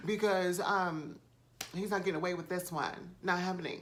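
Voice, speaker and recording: A woman's voice: lowish voice, unhurried, a bit bright, slight background noise. A woman vlogger recording on a phone camera at home, telling a story casually with lots of fillers and swearing. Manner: chatty, swears freely, many fillers.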